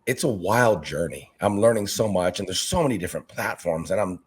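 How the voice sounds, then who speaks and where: A man's voice: low-pitched, a little fast, breathy edge. A man who coaches youth basketball, chatting in an interview and acting out the people he quotes. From Northern California. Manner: animated storyteller, acts out quoted voices. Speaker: youth basketball coach and aquarium channel creator. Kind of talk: casual interview talk.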